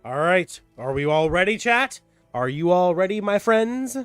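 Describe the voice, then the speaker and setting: A man acting as dungeon master on a livestreamed tabletop game greets chat and recaps the story, rambling animatedly and repeating himself. His voice is high-pitched and unhurried, and faint music plays in the background.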